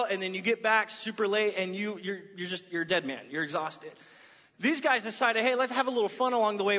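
A man preaching a sermon, telling a personal story with lively, animated delivery and acting out other people's voices. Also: sits high. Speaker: pastor. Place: church auditorium. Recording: muffled echoey church hall.

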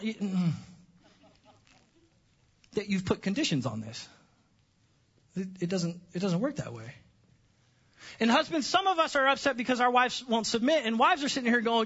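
Animated, bright-voiced pastor preaching a sermon. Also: male voice, very high voice, normal speed, long pauses, husky, dull audio. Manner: animated, joking and sarcastic with the congregation.

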